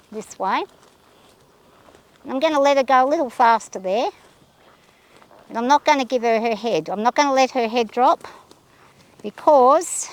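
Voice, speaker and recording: A woman riding a horse outdoors, talking her nerves out loud and soothing her mount in a casual vlog. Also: a little high. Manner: anxious, thinking aloud, soothing her horse. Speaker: horse rider vlogger. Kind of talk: casual narration while riding. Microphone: camera held by a companion.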